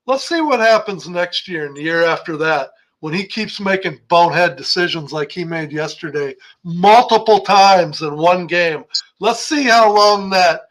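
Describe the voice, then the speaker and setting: A man's voice: sits high, a bit bright, poor audio. An older man co-hosting a sports talk show, ranting heatedly about a game. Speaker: podcast co-host.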